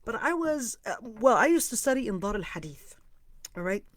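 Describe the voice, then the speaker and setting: A woman's voice: a little high, moderate pace, no room sound. Woman teacher telling a story, acts out all the voices, dry close mic. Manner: lively storyteller, acts out quoted dialogue. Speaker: Islamic teacher leading an online class. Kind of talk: storytelling lesson.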